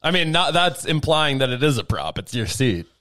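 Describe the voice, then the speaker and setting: Medium in pitch and moderate in pace, a man co-hosts a casual podcast recorded on a home desk mic. He spins rambling anecdotes and does animated impressions of those he quotes.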